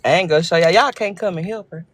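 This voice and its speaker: Talking fast in a fairly low voice, a Southern-accented woman from Arkansas, USA, hosts a phone livestream over slight background noise. The chat is casual, full of jokes with her viewers.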